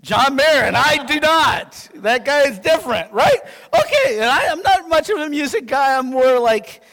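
A man from Yakima preaching a sermon as pastor, animated and conversational, checking in with his listeners. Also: very high voice. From Yakima, Washington. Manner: animated, conversational, keeps asking "right?". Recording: long reverb in a hall.

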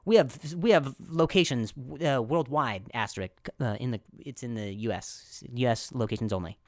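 A male podcast host riffing through comedy bits in an animated, slangy, jokey manner. His voice sits mid-range. It is recorded close and dry, with no room echo. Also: mid-range voice, normal speed.

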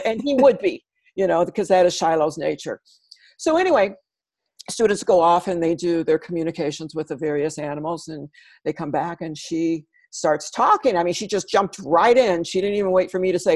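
A woman, a guest animal communicator, telling stories in a casual interview and growing animated when quoting. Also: fairly low pitch, moderate pace, no room sound.

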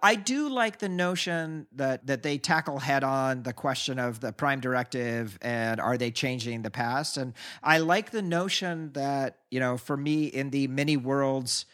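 A man's voice: mid-range voice, a little slow, hardly any pauses, a bit bright. Easygoing male podcast co-host. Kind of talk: casual chat.

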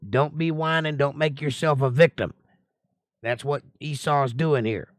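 A man's voice: fairly even intonation, measured pace, no echo. A man teaching a livestream Bible study, reading scripture aloud and breaking in with casual, joking commentary. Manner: voices the figures in the reading with rising pitch and a whiny tone.

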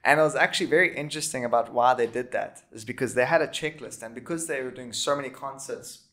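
A man's voice: mid-range voice, fast, fairly bright tone. A man hosting a podcast, telling stories in easygoing casual chat. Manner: storytelling, easygoing, asks questions. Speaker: podcast host.

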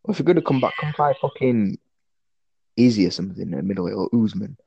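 A man's voice: fairly low pitch, lively intonation, fast talker, creaky, warm tone, husky, dry recording, lo-fi sound. A man co-hosting a casual podcast, giving blunt, sweary opinions on fighters. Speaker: podcast co-host. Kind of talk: casual chat.

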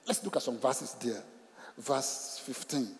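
A pastor preaching a sermon, animated, repeating phrases and putting questions to the congregation. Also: male voice, medium pitch, unhurried. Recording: long reverb of a large hall.

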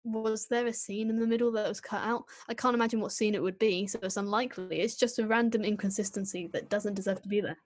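Woman, podcast co-host; opinionated, animated critique, mid-pitched, close dry mic. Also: fast, few pauses, no room sound. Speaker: podcast co-host reviewing an episode. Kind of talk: casual chat.

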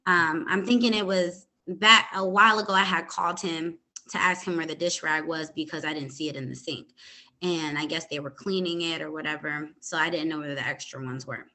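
Bright-toned young woman telling a personal story. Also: deep voice, brisk. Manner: calm, hesitant retelling with many fillers. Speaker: podcast host.

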